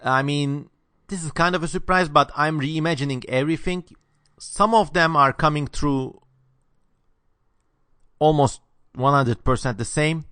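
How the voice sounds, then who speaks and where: Man, Southeastern European accent, sharp sibilant consonants, opinionated, dry close sound. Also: on the high side, clean tone, dry recording. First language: not English. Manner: opinionated, lively. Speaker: channel host answering viewer questions. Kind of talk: casual Q&A monologue.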